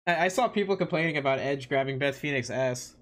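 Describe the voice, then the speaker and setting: A man's voice: medium pitch, fast, fairly bright tone. A man co-hosting a podcast in casual chat, laid-back and jokey, calling his partner "pal". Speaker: podcast co-host.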